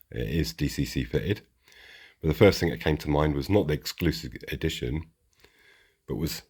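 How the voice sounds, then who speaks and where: A man's voice: very deep voice, breathy edge. A man chatting casually and rambling as he unboxes and shows off model trains for his channel. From United Kingdom. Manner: chatty and rambling, restarts sentences. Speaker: model railway channel host. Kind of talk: casual chat while unboxing.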